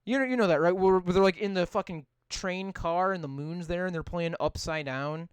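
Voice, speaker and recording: Young man, high clear voice, dry close mic, casual rambling, lots of swearing. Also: a little fast, no echo. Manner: rambling, swears a lot, many "like" fillers. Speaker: podcast co-host. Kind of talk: casual profane chat.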